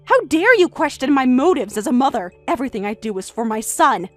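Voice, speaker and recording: Woman voicing a shrill, defensive middle-aged mother. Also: very animated, moderate pace, soft background music. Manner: shrill, insistent, raised voice.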